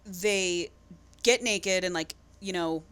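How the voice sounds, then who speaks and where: Taking it slowly in a smooth, lowish voice, this podcast co-host casually talks through a book's story. She tells it with animation, acting out the characters' dialogue as she goes.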